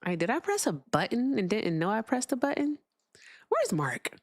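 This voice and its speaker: A woman's voice: on the high side, wildly swooping pitch, moderate pace, no room sound, studio quality. A young woman hosting a casual livestream, chatting with her viewers while she fixes her sound. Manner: chatty, talks to viewers, fiddles with sound settings. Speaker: livestream host.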